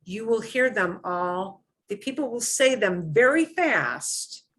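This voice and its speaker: A woman's voice: mid-range voice, expressive, slow pace, a bit bright, husky. A woman teaching a beginner Spanish class, explaining patiently and often checking in with "okay?".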